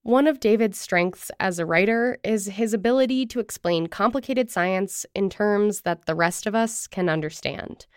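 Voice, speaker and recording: A woman host delivering scripted narration with a clear, polished manner. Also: mid-range voice, normal speed, hardly any pauses, no echo, clean studio sound. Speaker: podcast host.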